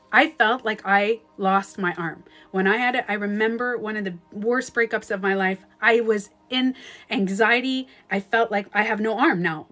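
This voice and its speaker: A woman's voice: mid-range voice, fairly bright tone. A woman relationship coach on a live stream, giving advice emphatically and acting out hurt voices with some swearing.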